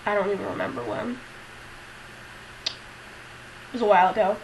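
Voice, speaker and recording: A woman's voice: medium pitch, steady tone, normal speed, creaky, rough recording. Rambling young woman vlogging, faint hiss. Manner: rambling, profane, self-deprecating with many fillers. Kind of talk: casual confessional vlog.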